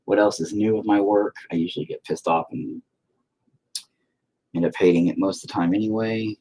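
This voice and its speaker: A man's voice: fairly low pitch, fairly even intonation, normal speed, dark tone. A man rambling to himself while painting, profane and self-deprecating. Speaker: painter talking to camera. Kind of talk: rambling casual monologue.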